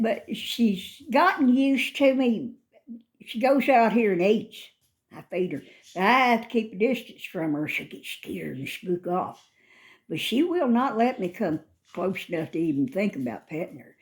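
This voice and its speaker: An older woman chatting casually into her phone, rambling and calling to cats in a high sing-song. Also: lively intonation, unhurried. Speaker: vlogger. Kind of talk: casual chat. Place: outdoors by a front door, then back indoors. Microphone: phone held in hand.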